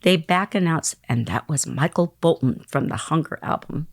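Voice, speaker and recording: Woman, 60s, podcast guest, lively storyteller who acts out the people she quotes, dry close mic. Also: low voice, normal speed, no echo. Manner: animated, acts out quoted voices.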